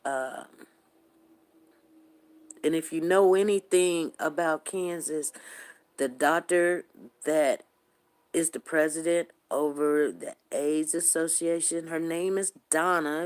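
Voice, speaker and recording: A middle-aged woman who hosts a show, telling a story to her viewers in a casual, colloquial and animated way. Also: low voice, slow. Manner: colloquial and animated, talks straight to the audience. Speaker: show host.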